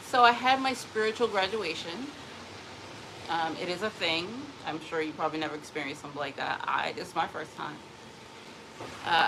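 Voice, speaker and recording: A woman's voice: medium pitch, noisy background. Emotional rambling woman vlogger with a drawl. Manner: emotional, rambling, restarts sentences. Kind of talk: casual personal vlog talk.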